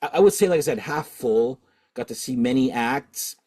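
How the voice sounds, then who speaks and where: A man's voice: medium pitch, moderate pace, a little mellow. A middle-aged man from Canada, the host of a record-collecting channel, telling a rambling story with lots of fillers and restarts. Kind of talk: casual storytelling.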